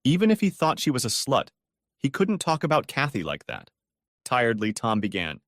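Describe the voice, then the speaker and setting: Expressive male storybook narrator. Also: mid-range voice, moderate pace, no echo, studio quality.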